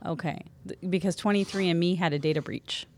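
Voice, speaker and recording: A woman's voice: fairly low pitch, fairly quick, darkish tone. A woman co-hosting a podcast, chatting in an agreeable, talkative way. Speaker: podcast co-host. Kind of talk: casual chat.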